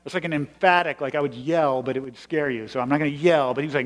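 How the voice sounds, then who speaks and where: A man's voice: on the high side, fast, hardly any pauses. A male pastor giving a sermon in a conversational, explanatory way with emphatic stresses. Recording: long hall reverb.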